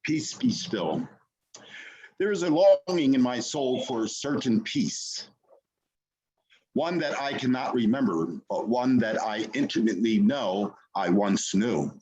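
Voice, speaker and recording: A husky-voiced man on a video call, reading a poem aloud. He delivers the lines earnestly and at a measured pace, as at a community poetry reading. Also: medium pitch, darkish tone, low-quality recording. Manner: earnest, measured recitation after a hesitant spoken preface. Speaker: poet.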